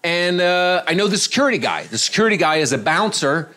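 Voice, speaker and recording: A male stand-up comedian telling a story on a comedy club stage into a handheld mic, animated and often chuckling. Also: high-pitched, brisk. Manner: animated, chuckling, acting out voices.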